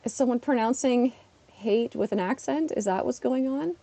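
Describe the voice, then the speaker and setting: A woman's voice: fairly high pitch, normal speed, dark tone, no room sound. A woman, a schoolteacher, chatting casually on a live stream while playing, laughing often and talking back to her chat. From Canada.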